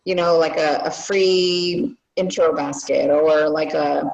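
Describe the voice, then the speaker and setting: A woman guest expert giving casual marketing advice on a webinar, relaxed and full of fillers. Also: sits low, takes it slowly, gravelly, low-quality recording.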